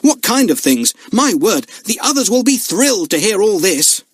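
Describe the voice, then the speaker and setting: Man voicing a cheerful unafraid boy, polite and teasing, lively pitch, dry close audiobook. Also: moderate pace, husky, no room sound, exaggerated voice. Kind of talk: audiobook character voice.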